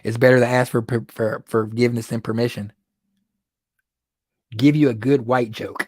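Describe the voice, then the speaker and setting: A man's voice: medium pitch, steady tone, normal speed, pauses often, a little mellow, no room sound. A man hosting his own weekly livestream from his studio, chatting casually, joking and laughing often. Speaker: livestream host. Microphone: phone or computer livestream.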